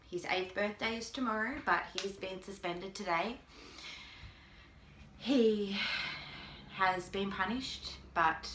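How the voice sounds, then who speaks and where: A woman speaks to camera about her family, holding back tears. Her delivery is halting and full of long pauses. Her voice sits a little low but has a bright, forceful edge, and the room around her rings with echo. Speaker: mother. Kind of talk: personal video appeal. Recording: echoey room.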